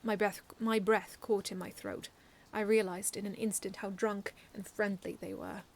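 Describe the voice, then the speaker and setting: A woman reading her own first-person fan story aloud in an earnest, expressive way, often restarting lines. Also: mid-range voice, moderate pace, a little hiss or hum.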